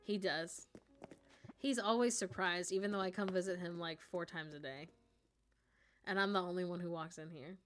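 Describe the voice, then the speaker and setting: A woman's voice: lowish voice, fairly even intonation, normal speed, long pauses, fairly bright tone, a little hiss or hum. A woman live streamer chatting casually and giggling while she plays a game, full of fillers. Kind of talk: casual chat while gaming. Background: game music.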